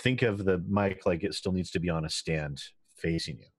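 A man's voice: low-pitched, normal speed, no echo, clean studio sound. A man chatting casually with his tabletop group over voice chat, rambling and laughing easily. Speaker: player. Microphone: voice-chat microphone.

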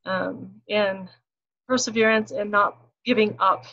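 Woman in her 40s, very slow and hesitant, muffled lo-fi audio. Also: medium pitch, steady tone, bright, forceful tone. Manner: hesitant, many restarts. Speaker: course participant. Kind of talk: casual chat.

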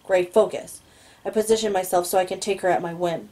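Female audiobook reader; lower voice, steady first-person narration. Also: brisk, poor audio. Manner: steady, low-key storytelling with occasional stumbles. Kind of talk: first-person novel reading.

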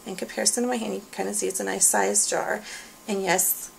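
Woman, casual product reviewer, losing her voice; strong vocal fry, faint background hiss. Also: medium pitch, fast talker, low-quality recording. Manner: chatty, relaxed, with frequent fillers. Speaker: beauty product consultant.

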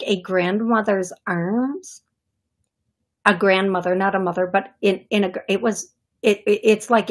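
A woman hosting a live call-in radio show as a psychic medium, chatty and quick to laugh when nervous. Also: mid-range voice, vocal fry, breathy edge.

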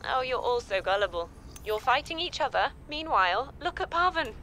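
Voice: sits high, sing-song, normal speed, bright, forceful tone, slight background noise, heavily acted. A game actor playing a teasing, amused crew member.

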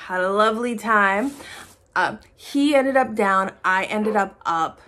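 A woman vlogger chatting casually to camera about her shopping haul, excitable and swearing freely. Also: medium pitch, measured pace, a little hiss or hum.

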